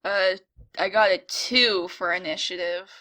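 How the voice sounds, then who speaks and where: A woman's voice: lowish voice, fairly even intonation, measured pace, bright, forceful tone. A woman playing in a tabletop game, chatty and playful, teasing herself as she talks. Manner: playful, chatty, self-mocking. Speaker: player. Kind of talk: tabletop game play, casual chat.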